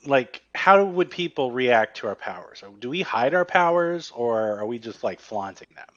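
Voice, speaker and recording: A man playing a tabletop game who puts on a Brooklyn accent for his character and talks with many pauses and restarts. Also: mid-range voice, expressive, fairly bright tone, dry recording, dull audio. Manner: hesitant, many ums and restarts. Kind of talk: casual game chat, partly in character.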